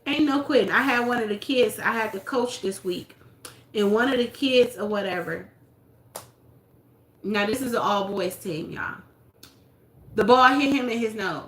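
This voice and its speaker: A woman hosting a casual livestream, telling stories with animated acted-out quotes; she coaches youth basketball. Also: medium pitch, a little slow, pauses often, roomy sound, a little hiss or hum. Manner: animated storytelling, acts out quotes. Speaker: livestream host.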